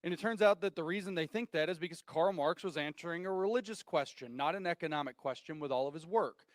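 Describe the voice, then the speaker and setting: Male lecturer, higher pitch, emphatic, asks rhetorical questions, dry recording. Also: fast, dry recording. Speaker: speaker giving a talk. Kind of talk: public lecture.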